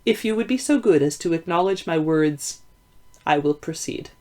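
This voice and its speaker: A woman reading aloud, voicing a shrewd, formal Victorian male detective with measured, deliberate speech. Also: low-pitched, a little mellow, natural voice. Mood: probing. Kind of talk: audiobook reading.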